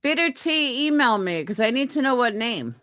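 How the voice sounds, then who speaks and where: A woman's voice: fairly high pitch, very animated, moderate pace, fairly bright tone, no echo. A young woman on a live stream, chatting casually with viewers and venting in indignant, profane talk. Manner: indignant, profane, quotes others in put-on voices. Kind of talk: casual chat stream, reading comments.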